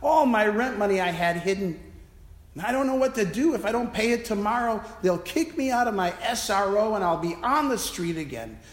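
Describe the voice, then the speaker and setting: A man's voice: high-pitched, expressive, a little fast, voice pushed up. A man voicing a desperate grown man who sobs and pleads, in an echoey church. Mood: pleading. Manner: sobbing, pleading. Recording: echoey church with long reverb.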